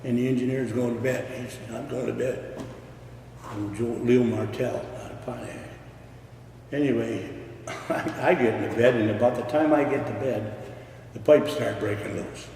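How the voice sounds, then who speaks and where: An older man from Michigan spins his stories bluntly, cursing freely. His voice is mellow and unhurried. It comes from a distance, with a long ring of room echo and faint hiss behind it. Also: mid-range voice, fairly even intonation. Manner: salty storytelling with swearing. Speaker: retired railroad worker. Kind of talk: oral history interview.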